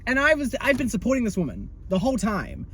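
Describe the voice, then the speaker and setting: Sassy high-voiced young man ranting. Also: huge pitch swings, fast talker, a bit bright, a little hiss or hum. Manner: dramatic, sassy and swearing, swings into high exasperated outbursts. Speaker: vlogger. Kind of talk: casual video diary.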